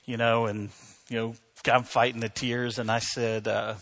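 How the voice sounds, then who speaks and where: A man's voice: mid-range voice, level tone, moderate pace, a bit bright. A middle-aged male pastor giving a sermon, telling a personal story in a conversational way with many fillers before building to emphatic preaching.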